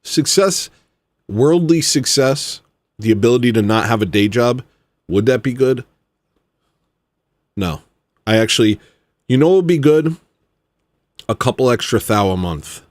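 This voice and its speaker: A man, an independent musician, ranting heatedly, swinging from low grumbling to loud exclamations. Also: normal speed, long pauses, no room sound. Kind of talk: ranting monologue.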